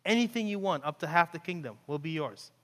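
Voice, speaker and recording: An impulsive, generous king, as a preacher plays him, tossing out grand offers in a casual, offhand way. The man's voice is fairly high and carries a long reverb tail from the hall. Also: lively intonation, fast, a bit bright.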